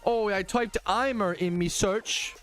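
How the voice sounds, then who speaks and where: A man's voice: high voice, measured pace, a bit bright, soft background music. An American man putting on an exaggerated British accent to mock a slangy young British bloke. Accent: put-on British. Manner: drawling, slangy, cartoonish.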